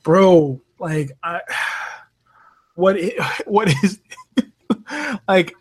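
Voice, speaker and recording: A man's voice: sits high, very slow, breathy edge. A man raised in Bermuda, a podcast guest and rideshare driver, telling stories in casual chat, swearing freely and acting out the people he quotes. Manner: animated storyteller, swears freely, acts out quoted voices.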